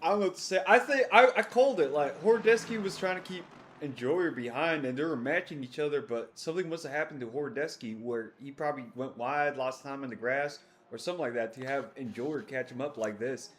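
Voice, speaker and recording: A man co-commentating on a sim race, musing over what happened on track in a relaxed way. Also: medium pitch, fairly quick, hardly any pauses, a little hiss or hum. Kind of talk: live sim-racing commentary.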